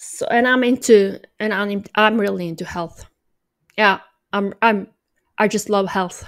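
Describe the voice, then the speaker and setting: A woman from Norway rambles through an ironic vlog chat, sounding a little tired as she jokes and mocks herself in a drawling voice. Her voice is mid-range, with fairly even intonation and a measured pace.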